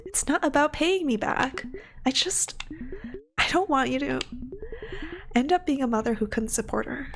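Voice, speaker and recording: A woman's voice: high-pitched, normal speed, gravelly, pauses often, noisy background. A woman voicing a stern, worried older grandmother who scolds her grown daughter insistently. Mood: scolding.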